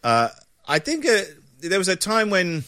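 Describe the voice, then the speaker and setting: A man's voice: high-pitched, a little slow, no room sound, studio quality. A man, a comedian, telling anecdotes in an interview and acting out voices as he goes. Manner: lively storyteller, acts out voices. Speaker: comedian guest.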